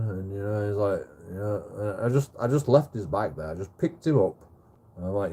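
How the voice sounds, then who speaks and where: A man's voice: on the low side, expressive, moderate pace, warm tone. A man telling a rambling story on a livestream, swearing heavily and repeating himself.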